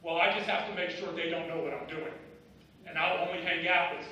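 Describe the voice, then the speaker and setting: A man's voice: a little high, level tone, a little fast, pushed and bright, dull audio, slight background noise. A middle-aged man giving a candid personal speech at a benefit dinner, telling his story with insistent, rising bursts. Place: large banquet hall. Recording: echoey banquet hall, voice from a distance.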